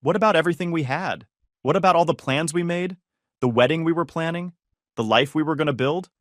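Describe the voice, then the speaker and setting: A man's voice: on the high side, brisk, no room sound, clean studio sound, voice pushed up, natural voice. A man voicing a tearful young woman who pleads desperately with her ex-fiancé to take her back. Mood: bitter pleading.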